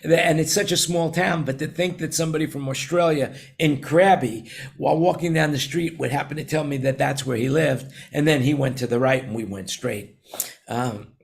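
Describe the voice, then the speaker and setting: A man's voice: a little high, normal speed, gravelly. A man in his sixties with a New York accent, hosting a casual roundtable chat and telling long, rambling stories with many restarts. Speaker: show host.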